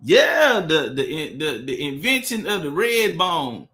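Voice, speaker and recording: A man from Texas hosts a livestream in a fairly high, sing-song voice that's bright and forceful, speaking slowly. He talks casually and profanely, repeating words while he searches for the right one.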